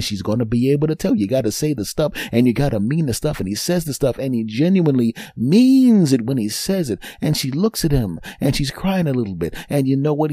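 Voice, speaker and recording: A man's voice: dry recording, clean studio sound. A man hosting a podcast, talking casually to the listener and coaching him through a story. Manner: talks the listener through a story, then plays the cheater's apology low and soft; coaching, uses sports metaphors. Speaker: podcast host. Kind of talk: casual monologue.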